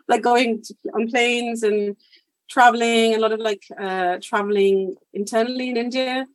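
A woman's voice: a little high, normal speed, no room sound. A young woman from the UK answering interview questions in a chatty way, full of "like" fillers. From United Kingdom. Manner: chatty, many "like" fillers, laughs easily. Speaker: guest.

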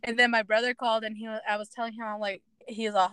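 A young woman co-hosting a podcast, casually retelling a movie with animated acted-out quotes and lots of fillers. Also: on the high side, fast, hardly any pauses, smooth, no echo. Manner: animated storyteller, acts out quotes, many fillers. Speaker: podcast co-host. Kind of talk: casual chat.

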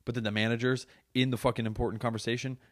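A man's voice: medium pitch, level tone, very fast. Profane joking man ranting on a podcast. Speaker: podcast host. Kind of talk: casual rant. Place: podcast studio.

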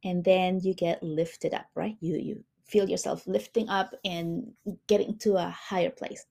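A woman hosting a spiritual healing talk, speaking gently and addressing her listeners warmly. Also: lowish voice, fairly even intonation, gravelly. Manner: slow, soothing, warm-hearted, addresses listeners as beautiful souls.

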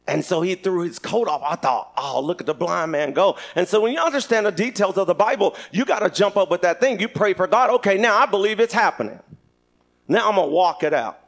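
High-voiced animated male preacher. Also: quick pace. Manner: animated, shouting at peaks, laughing. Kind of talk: sermon.

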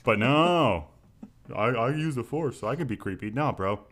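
A man in casual chat about a film, blunt and joking, swearing freely through animated rants. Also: medium pitch, normal speed. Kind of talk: casual movie discussion chat.

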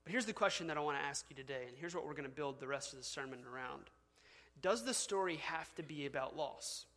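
A man's voice: a little high, quick pace, a bit bright. A man preaching a sermon as pastor, conversational, with fillers and asides. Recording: long hall reverb.

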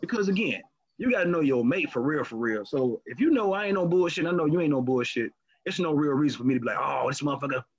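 A man in casual chat as a podcast co-host, talking candidly and profanely with animated storytelling. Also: a little high, fast talker, husky. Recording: lo-fi muffled recording.

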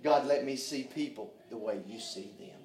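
A man preaching a sermon. He swings from hushed prayer to loud shouting and fills his talk with "hey, man" and "uh". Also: medium pitch, moderate pace, distant mic. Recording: echoey room, voice from off mic.

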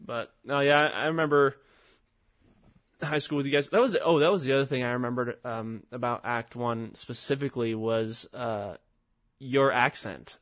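A man's voice: medium pitch, normal speed, a bit bright, no room sound. A young man reminiscing with old friends on a podcast, rambling through his stories with lots of fillers and restarts. His voice sits mid-range, and the recording is dry and close. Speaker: podcast host. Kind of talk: casual chat.

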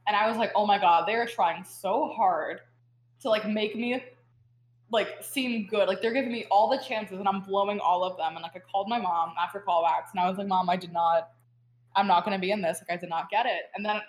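A woman's voice: mid-range voice, roomy sound, low-quality recording. A young woman talking casually as a guest, telling a story in a chatty, rambling way full of fillers and laughter. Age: young adult. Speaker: guest student. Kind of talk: casual chat.

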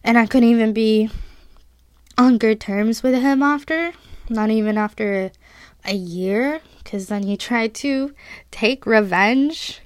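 Young woman, podcast host, slow unhurried talk, fairly high voice, giggly and confessional, dry close sound. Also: smooth, no room sound. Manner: confessional, giggly, says "like" often. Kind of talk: personal storytelling monologue.

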